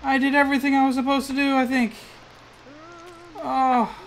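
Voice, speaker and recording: A man's voice: very high voice, level tone, normal speed, slight background noise, rough recording. A man hosting a let's play, commenting on his gameplay and groaning in frustration as he keeps failing. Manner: frustrated, groaning and muttering at the game.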